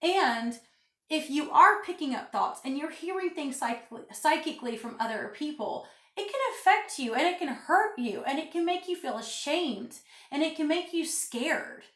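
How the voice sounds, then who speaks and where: A woman's voice: high-pitched, animated, moderate pace, a bit bright, echoey room. A woman giving an emphatic, preachy spiritual vlog talk into her phone, repeating phrases for stress. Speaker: spiritual vlogger. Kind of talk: casual vlog monologue.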